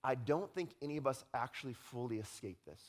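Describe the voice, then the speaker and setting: A man preaching a sermon as pastor, speaking in a conversational, animated way and often checking in with the congregation. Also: medium pitch, a little fast. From Utah. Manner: conversational, animated, often tags lines with "right?".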